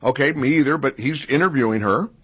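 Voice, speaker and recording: A man co-hosting a talk radio show, incredulous and animated, often breaking into laughter. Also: mid-range voice, quick pace, breathy edge. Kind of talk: casual on-air banter.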